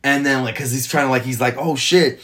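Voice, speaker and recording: A man casually reviewing a TV episode, retelling scenes in an excited, rambling way full of swearing. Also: mid-range voice, quick pace. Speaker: TV show reviewer.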